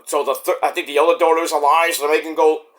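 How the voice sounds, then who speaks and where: A man's voice: a little high, little pitch movement, fast talker, a bit bright. A man hosting a casual solo podcast, rambling and swearing freely as he loses his thread. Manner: rambling and profane, trailing off. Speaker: podcast host.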